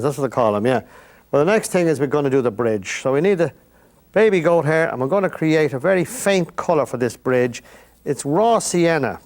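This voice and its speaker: An older Irish man hosting a painting lesson, chatting to the viewer in rambling, folksy asides while he works. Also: fairly high pitch. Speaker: painting instructor and host.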